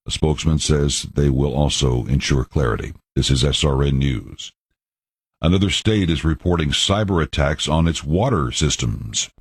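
Male radio anchor with an extremely low, husky voice; dry, matter-of-fact news read. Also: lively intonation, moderate pace, no echo. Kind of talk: scripted news reading.

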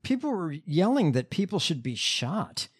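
A man co-hosting a political chat show who reads news aloud and adds dry jokes. His voice sits high. His pitch is animated. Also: moderate pace, breathy edge. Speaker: podcast co-host.

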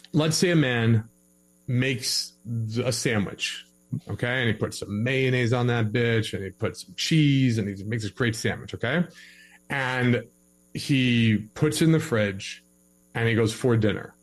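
A man talking through relationship advice in a relaxed, conversational way. He gets animated and acts out both partners in a quarrel, and his voice sits in a middling pitch. A faint mains hum sits under the recording. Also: a little slow. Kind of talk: casual podcast conversation.

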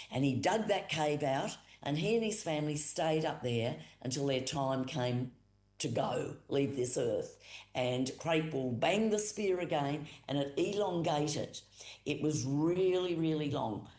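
A woman with an Australian accent telling a traditional creation story as a storyteller, unhurried and repetitive, with fillers. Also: rumbling low, a little mellow. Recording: roomy echo.

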